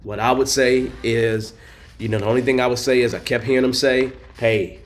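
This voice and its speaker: A hoarse man hosts a casual live show, sitting at a middling pitch. He coaches a guest in a friendly, encouraging way and keeps clearing his throat. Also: steady tone, a little fast. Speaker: host and agile coach.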